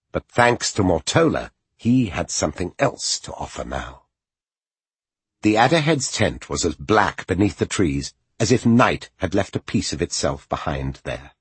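A man reading an audiobook as its narrator, in expressive, measured storytelling. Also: low-pitched, husky, no echo.

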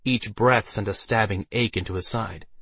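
A man narrating a fantasy audiobook with steady storytelling delivery. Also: lowish voice, moderate pace, breathy edge, no room sound.

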